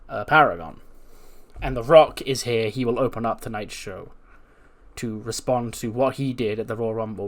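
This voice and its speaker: A man casually narrating and recapping his wrestling simulation game run with lots of fillers. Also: mid-range voice. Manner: casual, chatty, many fillers.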